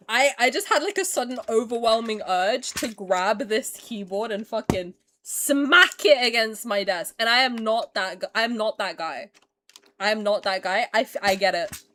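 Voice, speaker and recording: A young woman streamer in casual reaction chat, profane, excitable and dramatic. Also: mid-range voice, moderate pace, a little hiss or hum. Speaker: streamer reacting to game trailer.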